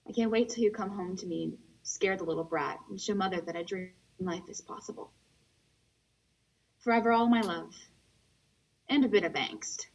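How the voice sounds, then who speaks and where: A woman's voice: medium pitch, darkish tone, slightly rough, far from the mic, highs cut off. A young woman student actor voicing an aspiring writer who pours her frustration into a letter, in an emotional monologue over a video call. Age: young adult. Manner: indignant, emotional. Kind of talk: dramatic monologue reading a letter.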